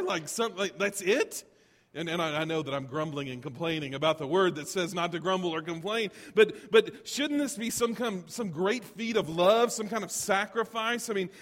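A man preaching a sermon as a pastor, conversational and animated, full of rhetorical questions and asides. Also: sits high, big-room sound.

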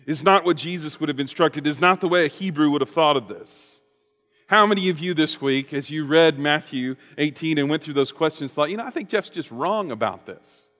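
A man preaching a sermon as pastor, telling a story in a lively way and acting out the quotes. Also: a little high, fairly quick, big-room sound, faint music behind. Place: church sanctuary.

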